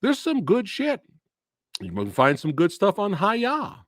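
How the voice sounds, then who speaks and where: A man's voice: sits high, huge pitch swings, a little slow, a bit bright, no room sound, studio quality. A man hosting a casual movie review stream. He rants with a lot of swearing and laughs often. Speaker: host of a movie review channel.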